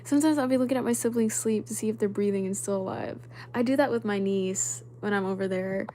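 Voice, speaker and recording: A woman's voice: mid-range voice, fast talker, slight background noise. A young woman in her twenties hosting a casual livestream, chatting and reading viewer comments, now and then dropping to a whisper. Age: young adult. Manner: chatty, animated, drops to whispers when spooked. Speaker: livestream host.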